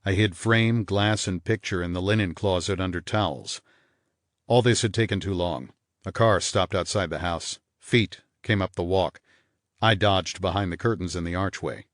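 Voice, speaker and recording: A man reading a hardboiled first-person crime novel aloud in a measured, dry delivery. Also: low-pitched, dry recording. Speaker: audiobook narrator. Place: studio booth.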